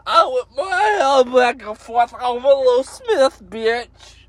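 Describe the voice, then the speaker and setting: A man's voice: very high voice, lively intonation, slow pace, a bit bright, dry recording, voice pushed up, exaggerated voice. A man doing a brash, mocking impression of a young girl pop singer, chanting taunts. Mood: taunting.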